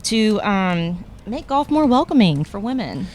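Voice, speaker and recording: A woman's voice: mid-range voice, big pitch swings, measured pace, darkish tone, a little hiss or hum. A woman hosting a casual interview outdoors at a golf range, agreeing often and asking questions. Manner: affirming, frequent agreeing interjections. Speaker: podcast host.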